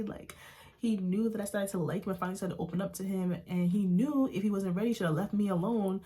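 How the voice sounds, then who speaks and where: A woman's voice: fairly low pitch, steady tone, fast talker, warm tone. A young woman from the United States telling a personal story to her viewers in a casual, chatty way, saying "like" constantly and calling them y'all. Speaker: vlogger.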